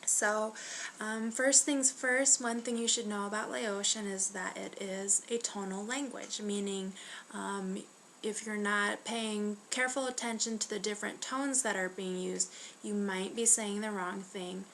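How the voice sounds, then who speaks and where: A young American woman giving a casual beginner language lesson, chatty and friendly, slowing down to sound out each word. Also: mid-range voice, fairly even intonation, a bit bright, a little hiss or hum. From United States. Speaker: language teacher.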